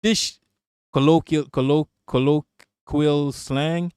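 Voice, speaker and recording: A man's voice: medium pitch, measured pace, long pauses, darkish tone, dry recording, clean studio sound. A man hosting a casual livestream, talking in a profane, rambling way and laughing often. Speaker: streamer host.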